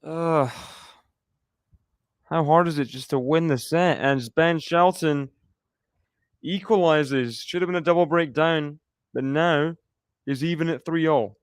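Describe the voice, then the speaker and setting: A man's voice: fairly high pitch, fairly even intonation, measured pace, pauses often, smooth, no echo, studio quality. Chatty man calling tennis live. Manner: chatty, reacts aloud and laughs often. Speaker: live stream host. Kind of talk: casual live play-by-play commentary.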